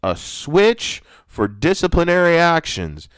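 A man hosting his own podcast, telling personal stories in a ranty, profane, animated way that gets loud when he is excited. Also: fairly high pitch, slow pace, smooth, no echo, clean studio sound. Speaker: podcast host. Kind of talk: ranty personal storytelling monologue.

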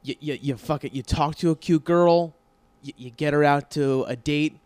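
A male podcast host with a voice a little high for a man, recorded close and dry with no room sound. He asks his questions loosely, stumbling and restarting, swearing casually. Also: a little mellow, smooth, dry recording. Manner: loose, halting, profane questioning.

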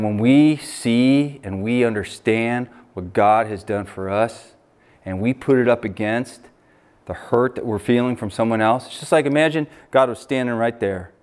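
American pastor preaching with emphasis. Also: male voice, lowish voice, a little mellow. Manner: preaching with rising emphasis and asides. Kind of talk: sermon.

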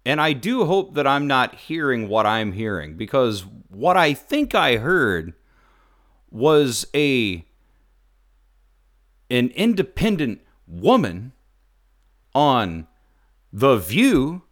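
A man's voice: a little high, fairly bright tone. A man hosting a talk radio show, delivering a sarcastic, mocking rant. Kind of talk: opinion radio monologue.

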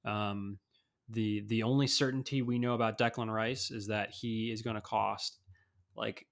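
Creaky-voiced man chatting sports. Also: fairly low pitch, level tone, a little slow, a bit bright. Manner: rambling, many fillers and restarts. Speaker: podcast co-host. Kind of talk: casual sports chat.

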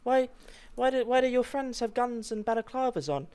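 A man's voice: extremely high pitch, animated, moderate pace, darkish tone, clean tone, voice pushed up. A man voicing an exasperated wife who questions her husband in disbelief. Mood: incredulous.

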